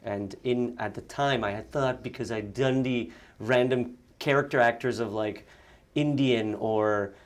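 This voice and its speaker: A young actor and sketch comedian from Montreal, Canada, chats casually in an interview. His voice is medium in pitch, steady in tone and measured in pace, and he laughs a lot and often restarts his sentences.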